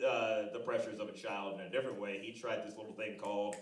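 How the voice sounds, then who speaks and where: A man in his thirties doing a stand-up comedy set on a live club stage, animated and loud with shouted impressions. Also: lowish voice, brisk. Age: 30s. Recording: echoey room, voice from a distance. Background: audience laughter.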